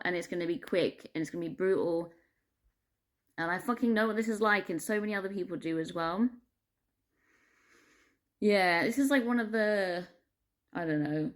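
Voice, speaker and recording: Brief: woman vlogger, casual rant, constant fillers, heavy swearing, frustrated laughs. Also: lowish voice. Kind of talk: casual ranting monologue.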